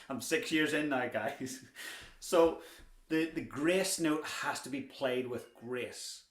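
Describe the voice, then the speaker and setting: A man's voice: medium pitch, slow pace. A young man teaching a drumming lesson, chatty and encouraging, with the odd dad joke. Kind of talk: instructional lesson. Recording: echoey room with clear background noise.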